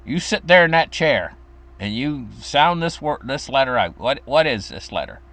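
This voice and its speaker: A man's voice: medium pitch, very animated, moderate pace, fairly bright tone. A man voicing his stern, persistent mother as she insists her child learn his vowels. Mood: stern, insistent. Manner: firm, insistent, scolding.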